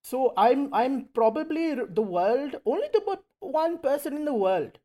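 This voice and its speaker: A man playing a self-styled male doctor of facts with an Indian English accent, earnest and quick to take offence, tripping over his words. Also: very high-pitched, very animated, dark tone. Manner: earnest, stammering, touchy. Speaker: comedic guest character.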